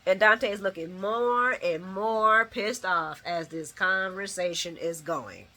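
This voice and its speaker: A woman with a slow, sharp-toned mid-range voice hosts an informal recap of a soap opera. Animated throughout, she laughs, mimics the characters' lines, and leans on slang and swearing.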